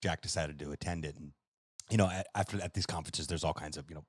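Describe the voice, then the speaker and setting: A man's voice: extremely low pitch, steady tone, fast talker, husky, no room sound, clean studio sound. A man hosting a podcast, telling a chatty anecdote with frequent fillers. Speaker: podcast host. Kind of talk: casual conversation.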